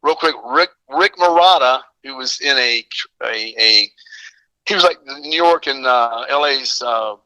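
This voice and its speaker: A man's voice: medium pitch, measured pace, pushed and bright, no echo, poor audio. An older man from the American South, a drummer guest telling rambling, enthusiastic stories in casual chat. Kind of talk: casual phone-in storytelling.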